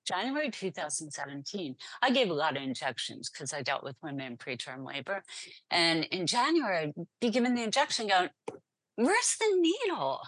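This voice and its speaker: Middle-aged woman guest, low husky voice, lively storyteller who laughs a lot, dry close sound. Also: no room sound. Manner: animated, laughs often, acts out voices in anecdotes. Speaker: podcast guest. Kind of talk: storytelling in an interview.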